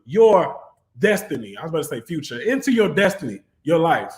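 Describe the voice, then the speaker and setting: A man's voice: on the high side, very animated, fairly quick. Fervent, preachy male tarot reader. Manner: preachy and fervent, rising into exhortation. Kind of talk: online tarot reading. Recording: roomy echo.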